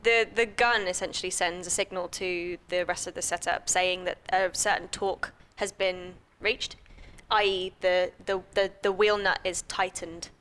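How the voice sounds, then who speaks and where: A woman with a very bright, forward voice co-hosting a relaxed podcast. She explains details in a chatty, wry way and jokes along with her friends. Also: lowish voice, moderate pace, hardly any pauses. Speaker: podcast co-host. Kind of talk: casual chat.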